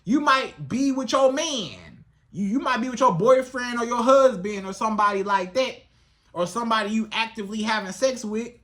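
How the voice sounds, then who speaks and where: Bright-voiced relationship coach giving advice. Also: medium pitch, moderate pace. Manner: animated, colloquial, acts out dialogues. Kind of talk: advice vlog monologue.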